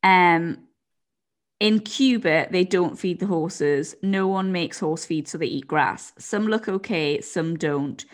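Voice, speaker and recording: A woman's voice: lowish voice, slow. A woman co-hosting a casual podcast, chatty and teasing, filling her talk with "like". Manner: chatty, teasing, heavy use of "like". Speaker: podcast co-host. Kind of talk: casual chat.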